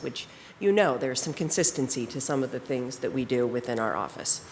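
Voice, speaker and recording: A woman, a city attorney, giving a measured budget presentation with frequent fillers at a council meeting. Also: low-pitched, slight background noise. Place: council chamber.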